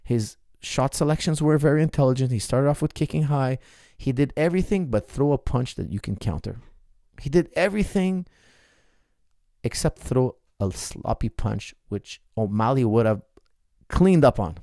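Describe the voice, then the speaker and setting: A man coaching fighters talks through a bout in casual podcast style, driving each point home with emphasis and repetition. His voice has a gravelly edge at a middle pitch. The sound is dry and close, with no room around it. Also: normal speed, no echo. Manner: animated, emphatic, repeats points. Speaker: MMA coach.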